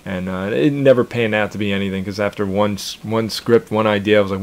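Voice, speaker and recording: A man's voice: lowish voice, fairly even intonation, fast. A man in his thirties, a cartoon creator casually chatting in an interview, rambling and repeating his words with chuckles.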